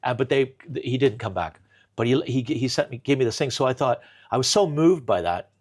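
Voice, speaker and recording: A man telling a long comic story in a kitchen chat, animated, full of restarts and bursts of laughter. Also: medium pitch, fairly quick. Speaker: comedian guest.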